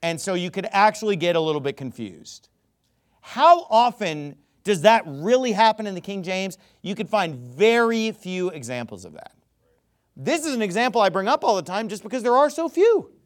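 Animated, high-voiced man rebutting. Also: normal speed. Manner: emphatic and casual, with repeated restarts. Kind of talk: informal rebuttal talk.

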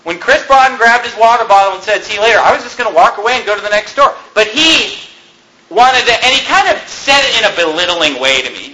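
A man's voice: sits high, expressive, fast talker, bright, forceful tone, a little hiss or hum. A male pastor telling a story from the pulpit in an emphatic, conversational way, chuckling now and then. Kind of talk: sermon storytelling. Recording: echoey room.

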